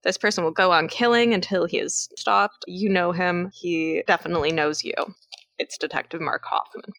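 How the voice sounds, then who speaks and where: A woman's voice: lowish voice, normal speed, no room sound. A young woman from Canada co-hosting a casual movie podcast, retelling scenes with lots of laughter. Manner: laughs often, animated retelling. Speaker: podcast co-host.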